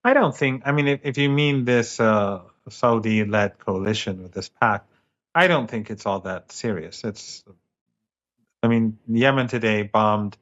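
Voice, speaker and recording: Male professor guest, deeper voice, emphatic and repetitive, heard over muffled lo-fi call audio. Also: unhurried, a bit bright. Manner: emphatic, repeats phrases while building a point. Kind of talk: remote interview commentary.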